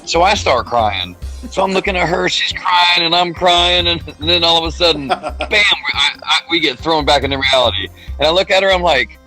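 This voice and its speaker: A man co-hosting a podcast, telling stories in a casual, animated way, swearing freely and acting out quoted voices. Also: a little high, moderate pace, faint music behind, low-quality recording. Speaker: podcast co-host. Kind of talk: casual storytelling chat.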